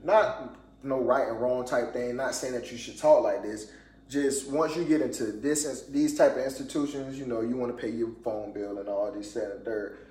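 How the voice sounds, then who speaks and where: A man's voice: medium pitch, moderate pace, a little mellow. Chatty man on an echoey podcast. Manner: conversational, repeats "you know what I mean", laughs often. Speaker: podcast co-host. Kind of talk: casual chat.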